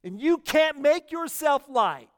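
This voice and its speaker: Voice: high-pitched, lively intonation, slow, long reverb tail. A pastor preaching a sermon, emphatic and often repeating words for stress.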